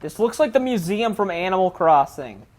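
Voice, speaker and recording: A woman's voice: medium pitch, lively intonation, moderate pace, a little mellow. A woman giving casual, rambling let's play commentary, frank and often correcting herself.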